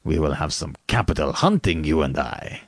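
A man reading a story aloud, voicing a suave, menacing aristocratic male hunter who speaks slowly and with courtly politeness. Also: extremely low pitch, animated, dry recording, clean studio sound, pitched below the performer's own voice, full character voice. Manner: slow, measured, courtly. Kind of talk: audiobook reading.

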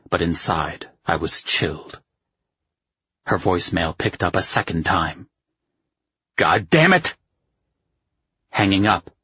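A man narrating a novel in the first person, measured and unhurried, lifting his voice for other characters. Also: a bit bright, no echo, highs cut off. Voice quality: very husky, low. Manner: measured, slow, acts dialogue with raised pitch. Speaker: audiobook narrator.

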